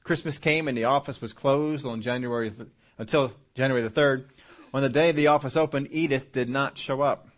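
A man's voice: mid-range voice, steady tone, a little fast. Man preaching with emphatic repetition. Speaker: pastor. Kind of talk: sermon.

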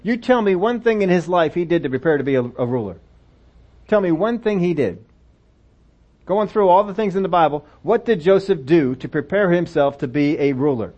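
A man's voice: high-pitched, animated, normal speed, darkish tone. Preacher man on a dull lo-fi recording. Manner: conversational, asks rhetorical questions. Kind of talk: sermon with Bible reading.

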